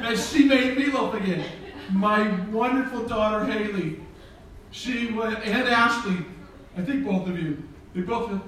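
High-voiced preacher in a very echoey hall. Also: male voice, sing-song, a little slow, background noise. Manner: humorous storytelling, acts out dialogue. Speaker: pastor. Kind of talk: sermon. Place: church sanctuary. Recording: very echoey church hall from far off.

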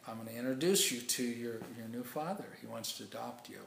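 A man voicing a brisk, bossy orphanage schoolmaster in a story. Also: medium pitch, creaky, a bit bright, a little hiss or hum. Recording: echoey room.

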